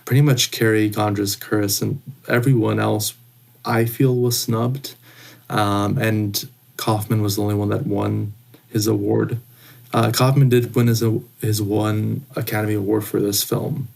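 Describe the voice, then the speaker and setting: Host: man, low and heavily gravelly, monotone, measured and factual. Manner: measured, reading off film facts with small restarts. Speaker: podcast host. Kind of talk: casual podcast discussion.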